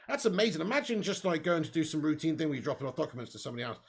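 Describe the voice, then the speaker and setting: A young man hosts a live football watch-along, calling the play and reading out viewer comments. His voice sits a little high, with a gravelly edge. He is chatty and laughs easily. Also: very animated, rapid-fire, few pauses. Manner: chatty, laughs often, reads out chat comments. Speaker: host.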